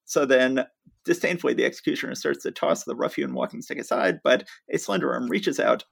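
A man's voice: medium pitch, expressive, fast talker, gravelly, a bit bright. A man co-hosting a podcast, recapping a comic's plot in an enthusiastic, storytelling way. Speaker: podcast co-host.

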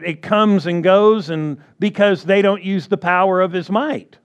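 A man's voice: high-pitched, a little slow, clear, resonant tone, muffled recording. A man preaching a sermon who repeats his key phrases and keeps asking the congregation for agreement.

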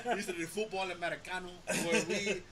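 A man in his thirties, co-host of a casual chat, opinionated and animated, telling stories and swearing casually. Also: high-pitched, fast, very noisy.

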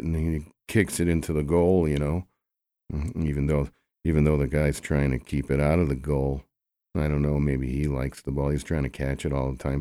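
A man plays a clueless sports guy on a comedy radio bit who rambles with endless restarts and fumbles his facts. The voice is extremely deep and dark in tone. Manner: rambling, halting, many restarts.

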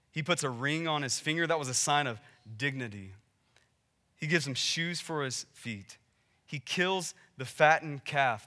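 Bright-voiced preacher, man. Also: on the high side. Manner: conversational preaching, rising to emphatic peaks and dropping to quiet asides. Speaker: pastor. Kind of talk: sermon.

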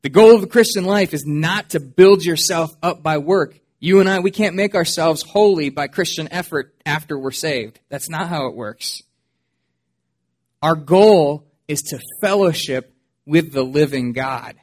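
A male pastor delivering a sermon in a slightly higher-than-average voice. He preaches earnestly and expressively. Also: unhurried.

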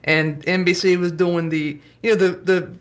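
A man chatting as a podcast guest, telling stories with lively energy and quick laughs. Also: high-pitched. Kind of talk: casual chat.

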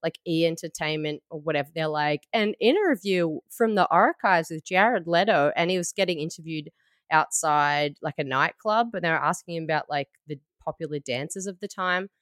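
On a podcast she co-hosts, a woman in her thirties chats casually, telling stories and eagerly acting out the quotes. Her voice is deep with a fairly bright tone, captured in clean studio sound with no room echo.

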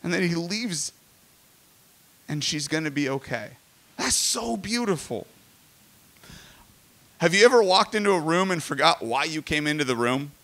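A man in his forties preaching a sermon in a conversational, animated way with jokey asides. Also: fairly high pitch, normal speed, pauses often. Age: 40s. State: emotional. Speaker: pastor.

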